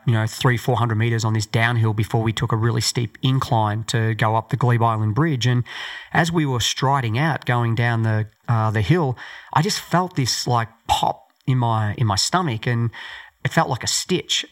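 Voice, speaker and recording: Casting note: middle-aged Australian man, mid-range voice, rambling and filler-heavy, podcast guest recounting a race. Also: medium pitch. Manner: loose, rambling storytelling with many fillers. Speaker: guest, former Olympic marathon runner. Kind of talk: podcast interview storytelling.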